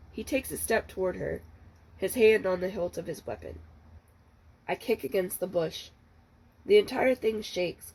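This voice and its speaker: A woman librarian reading the first chapter of a novel aloud, in a steady, measured storytelling manner. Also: lowish voice, vocal fry, a little hiss or hum, low-quality recording.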